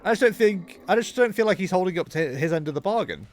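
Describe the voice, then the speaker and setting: A young man chats away while he plays a game on stream, rambling from one thought to the next and joking as he goes. His voice sits a little high, and his pitch bounces around a lot as he talks. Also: lively intonation, fast talker. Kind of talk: casual live-stream chatter while gaming.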